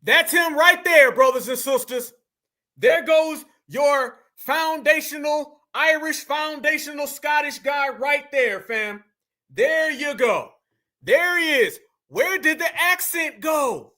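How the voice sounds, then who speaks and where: A man hosting a reaction commentary, talking in an animated, slangy way and addressing viewers as family. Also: very high-pitched, takes it slowly. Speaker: commentary host.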